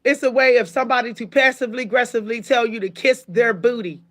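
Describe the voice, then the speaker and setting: Woman, channel host, angry rant to viewers, cussing, emphatic, bright tense voice. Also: a little high, fast. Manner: profane, heated, emphatic storytelling. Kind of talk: angry venting monologue to viewers.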